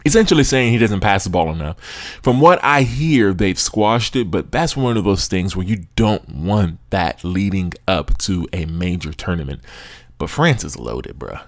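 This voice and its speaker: A man's voice: deep voice, animated, moderate pace, no echo, clean studio sound. A young American man hosting a sports podcast, talking casually and with animation, with slang and frequent laughs. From United States. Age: young adult. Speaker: podcast host.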